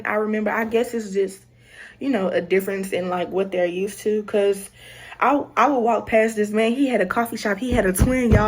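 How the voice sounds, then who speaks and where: Chatty Southern young woman vlogger. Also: a little high. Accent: Southern American. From Southern United States. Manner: animated storytelling, acts out greetings. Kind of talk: casual chat.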